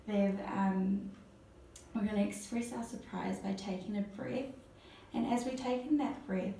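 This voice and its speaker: A woman's voice: medium pitch, creaky, dark tone, a little hiss or hum. Encouraging woman guiding breathing exercises. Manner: encouraging, praises often. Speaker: voice therapist guiding a client. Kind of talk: step-by-step instruction. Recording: echoey room, mic at a distance.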